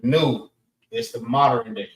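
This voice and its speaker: A man teaching a class, slowly repeating words and breaking them into syllables. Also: mid-range voice. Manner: slow, repetitive, spells out syllables. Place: classroom in a library. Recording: echoey room.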